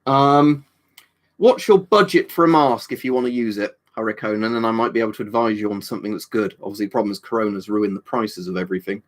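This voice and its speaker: A man's voice: lowish voice, fast talker. Rambling man chatting on a livestream. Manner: rambling, swears casually, jokey asides. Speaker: livestream host. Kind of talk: casual livestream chat reading viewer comments.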